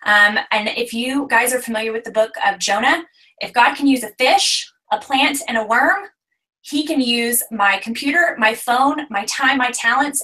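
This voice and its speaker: A woman's voice: on the high side, pushed and bright. A woman in her thirties giving an earnest, faith-driven testimony as a guest speaker on a team conference call. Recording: distant voice on a call line.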